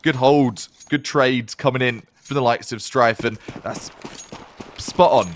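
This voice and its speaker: A man calling a competitive shooter match as play-by-play caster, with lively, punchy calls and slang. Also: medium pitch, measured pace, a little hiss or hum. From Canada. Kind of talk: esports play-by-play commentary.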